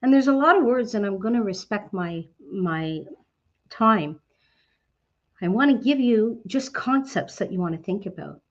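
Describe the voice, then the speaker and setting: A woman's voice: medium pitch, moderate pace, dull audio. Outgoing woman giving a motivational talk. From Canada. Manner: outgoing and animated, asks herself questions. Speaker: speaker at a women's business network talk.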